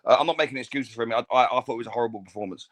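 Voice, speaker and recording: A man's voice: mid-range voice, rapid-fire, a bit bright. A man co-hosting a casual boxing podcast, chatty, often stammering and restarting his sentences. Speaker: podcast co-host.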